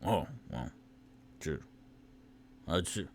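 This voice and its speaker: A man voicing a male barbarian fighter in a tabletop game, with a halting, stammering manner. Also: extremely low pitch, expressive, husky, voice pushed down, heavily acted. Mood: unsure.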